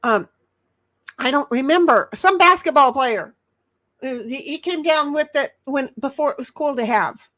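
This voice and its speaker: A woman's voice: high-pitched, measured pace, sharp tone. A woman hosting a casual livestream chat, rambling as she reads viewers' messages aloud. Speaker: livestream host reading chat.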